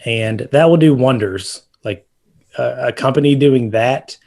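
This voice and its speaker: Guy on a home podcast, mid-pitched, rambly with lots of ums. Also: a little slow, vocal fry, darkish tone. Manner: rambling, explaining with fillers and restarts. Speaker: podcast co-host. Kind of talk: casual chat about roofing.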